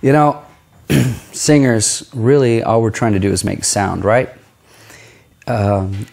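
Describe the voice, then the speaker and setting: A man's voice: lowish voice, fairly even intonation, slow, vocal fry, pauses often, a little mellow. A man teaching a singing lesson in a casual, conversational way, explaining vocal tone and stopping to demonstrate sounds. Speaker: vocal coach. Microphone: filmed on camera.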